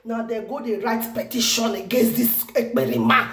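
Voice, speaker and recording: Excitable high-voiced Nigerian woman. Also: normal speed, gravelly, echoey room, very noisy. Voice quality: animated, exclamatory, repeats herself. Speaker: vlogger. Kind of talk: excited news commentary vlog.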